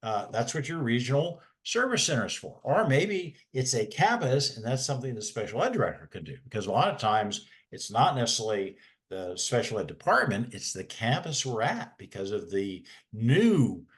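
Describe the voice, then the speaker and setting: A man's voice: mid-range voice, very animated, normal speed. A man, a special education advocate, talking in a folksy, rambling way with many restarts. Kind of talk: casual webinar talk.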